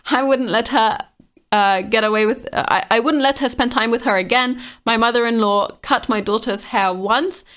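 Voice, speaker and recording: A woman's voice: on the high side, normal speed, a bit bright. A woman casually reading online comments aloud and reacting to them with frank exasperation.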